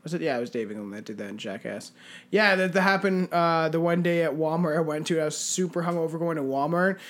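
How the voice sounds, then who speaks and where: High-voiced laughing man. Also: fast talker. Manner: laughs often, swears casually, reads trivia aloud. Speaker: podcast co-host. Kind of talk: casual podcast chat.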